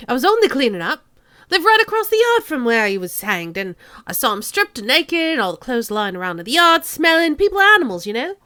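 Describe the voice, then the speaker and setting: A woman voicing a nervous, shifty male tenant who stammers and rambles through loud excuses. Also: very animated, measured pace, full character voice. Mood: flustered. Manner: stammering, high-strung, loud.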